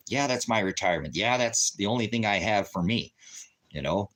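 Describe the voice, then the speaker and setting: A man's voice: lowish voice, expressive, a little fast, a bit bright. A man telling an angry personal story in a casual rant, cursing and acting out his arguments with other people. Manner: agitated, profane, retells arguments in quoted voices. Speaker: storyteller venting.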